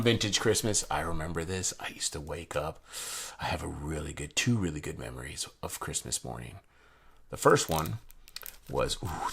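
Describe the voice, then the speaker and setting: Deep male voice, rambling casual card reviewer, slight background hiss. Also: vocal fry. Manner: rambling, chatty, lots of fillers and asides. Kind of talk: casual rambling review while handling cards.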